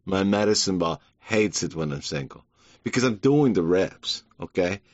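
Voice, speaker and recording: A man's voice: sits low, animated, moderate pace, no echo. A man doing an impression of a tireless, boastful bodybuilder who humble-brags and repeats himself. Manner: repetitive, boastful, humble-bragging. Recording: dull lo-fi.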